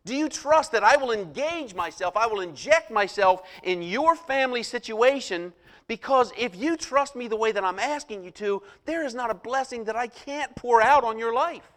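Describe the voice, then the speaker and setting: A middle-aged man preaching a sermon, telling a personal story with animated, rising emphasis. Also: extremely high pitch, moderate pace. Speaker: pastor.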